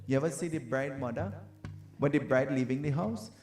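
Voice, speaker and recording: A man giving a storytelling sermon in an animated, teasing way, often asking his listeners "huh?". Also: mid-range voice, a little fast. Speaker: preacher. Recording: roomy hall with faint tabla music.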